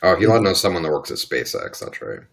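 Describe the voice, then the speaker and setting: A man's voice: sits low, sing-song, fast, creaky, fairly bright tone, slightly rough. A man co-hosting a casual panel podcast, talking in a rambling way with many restarts and fillers. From Utah. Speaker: podcast co-host.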